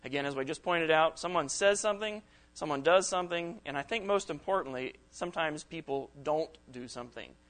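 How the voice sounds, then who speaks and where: A man's voice: a little high, a little fast, fairly bright tone. A middle-aged man preaching a sermon to young people at a camp, in a conversational way, acting out the quoted texts and reactions he describes.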